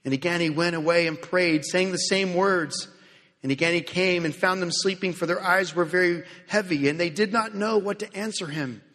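A man preaching a sermon in earnest, swinging from loud emphasis to hushed, slow phrases. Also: sits high. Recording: long hall reverb.

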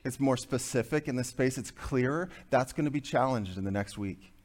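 A man preaching a sermon to a group of men, swinging from quiet, slow passages to loud, quick bursts, with joking asides. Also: medium pitch. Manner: dynamic, swings from hushed to loud and fast.

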